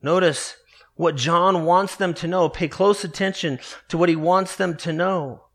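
Slow, emphatic high-voiced male preacher. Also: fairly even intonation. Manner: earnest, emphatic preaching, slows to stress key words. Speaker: pastor. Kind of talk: sermon.

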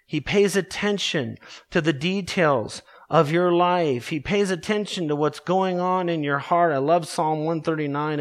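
A man preaching a sermon, earnest and emphatic, slowing down to stress scripture verses. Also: a little high. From Colorado, USA. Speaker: pastor.

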